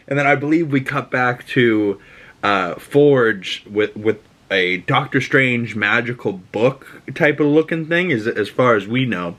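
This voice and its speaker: A man hosting a casual reaction podcast, recapping a cartoon episode in an excitable, swearing way. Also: mid-range voice, measured pace. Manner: excitable, profane, laughs and shouts at scenes. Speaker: podcast host.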